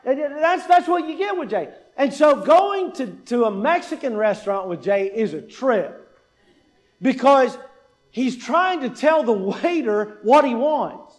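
A man with a very high voice delivers a sermon as pastor. He drives points home with repetition and rhetorical questions, and tells stories in a conversational way. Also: expressive, unhurried. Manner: emphatic, rhetorical questions, repeats key points.

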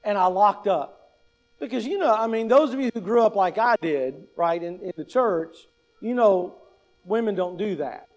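A man's voice: sits high, expressive, normal speed, dull audio. A pastor in his fifties gives a conversational teaching talk, often asking "right?" and adding wry humor. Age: 50s. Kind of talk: teaching talk on public speaking.

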